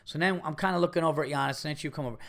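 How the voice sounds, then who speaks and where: A man's voice: a little high, very fast, gravelly, fairly bright tone. A middle-aged man, a comedian hosting his podcast, telling a profane, heated story and repeating himself as he acts out what people said.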